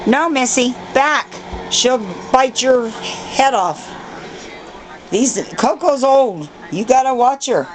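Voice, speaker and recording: A woman's voice: high voice, lively intonation, slow pace, noisy background. A woman training her dogs with firm, repeated commands in a casual home video.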